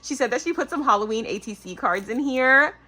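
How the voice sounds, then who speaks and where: Her voice on the high side and her pace fairly quick, a roughly forty-year-old craft channel host chats casually through an unboxing. She's excitable and gushing over the crafting goodies, with plenty of "oh my gosh."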